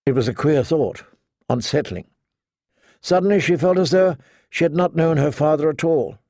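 A man narrating a fantasy audiobook in a measured, even storytelling manner. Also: on the high side, dry recording, clean studio sound.

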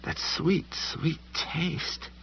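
A man voicing the fearful inner voice of a haunted man, hushed and breathy. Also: drawn-out words, highs cut off, a little hiss or hum. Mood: hushed dread. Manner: hushed, breathy, rising to a high whisper.

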